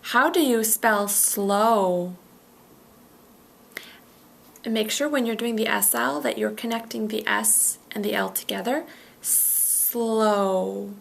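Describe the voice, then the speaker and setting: Slow, careful woman teaching pronunciation. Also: medium pitch, creaky. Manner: models words carefully, repeating each one. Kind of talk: slow, deliberate pronunciation drill.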